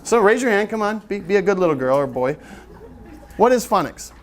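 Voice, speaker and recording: A man's voice: high voice, lively intonation, a little fast, a little hiss or hum. A middle-aged man giving a live teaching seminar to an audience, chatty and joking as he draws the room in. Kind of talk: live workshop presentation.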